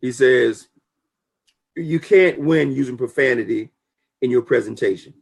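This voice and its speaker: A man talking casually and emphatically about business conduct, preachy and full of lively storytelling. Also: mid-range voice, measured pace, vocal fry, slightly rough. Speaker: network marketing talk show guest. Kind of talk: casual motivational talk.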